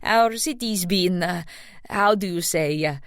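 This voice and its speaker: Woman narrator doing helpful middle-aged Italian local on a bike, heavy Italian accent, low voice, dry close mic. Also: measured pace, dry recording.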